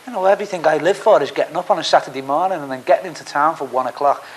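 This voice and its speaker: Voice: medium pitch, racing, a little hiss or hum, low-quality recording. A person giving an emphatic, exasperated opinion in a documentary interview. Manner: emphatic, exasperated, rising and falling in volume.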